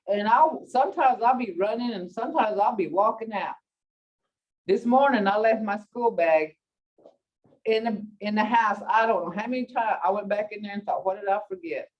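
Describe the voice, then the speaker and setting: A middle-aged woman teaching a language class in a casual, chatty way, telling stories with laughs and big jumps in pitch when she quotes people. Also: normal speed. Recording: distant, dull lo-fi classroom recording.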